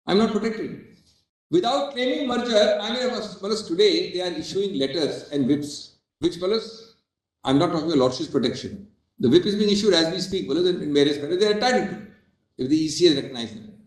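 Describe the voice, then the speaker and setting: Indian guy lawyer arguing in court, bit high voice, formal n emphatic, lots of "well, as", echoey room. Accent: Indian English. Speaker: senior advocate. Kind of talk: courtroom legal argument.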